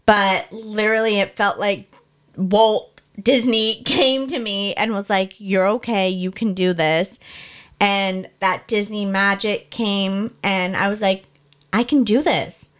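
A young adult woman candidly telling a personal story, talking fast and emotionally with many "like" fillers. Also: medium pitch, fairly even intonation, clean tone. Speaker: podcast guest sharing her story.

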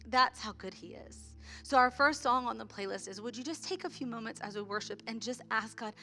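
A woman in her thirties leading a church worship service, talking in a heartfelt, halting way with many restarts. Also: fairly high pitch, bright, forceful tone, soft background music. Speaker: worship leader. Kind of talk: sermon-style worship talk.

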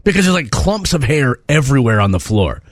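A man co-hosting a casual morning radio show. He complains in an animated, exasperated way. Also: medium pitch, brisk, no room sound, studio quality.

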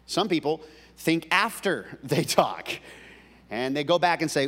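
A man's voice: on the high side, lively intonation, unhurried, a bit bright. A man preaching a sermon as pastor, folksy and joking, often stumbling and restarting his words. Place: church sanctuary. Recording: long reverb of a church hall.

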